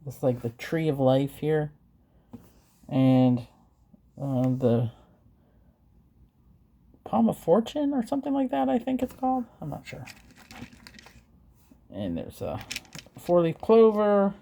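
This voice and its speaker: A woman vlogger unboxes and reviews craft supplies, chatting casually but hesitantly with fillers and self-corrections. Her low, dark, gravelly voice has a sing-song lilt, and she speaks slowly with long pauses.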